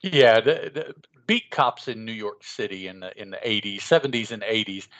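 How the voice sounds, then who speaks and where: A man's voice: lowish voice, expressive, moderate pace, a bit bright. A man co-hosting a casual comics podcast, who talks in a rambling way with many restarts. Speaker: podcast co-host.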